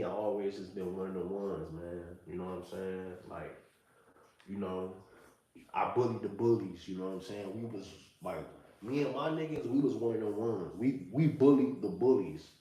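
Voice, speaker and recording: A man's voice: fairly low pitch, normal speed, warm tone. A man in his thirties sharing a reflective monologue in loose street slang, often repeating "you know what I'm saying.". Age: 30s. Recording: distant mic in a very echoey room.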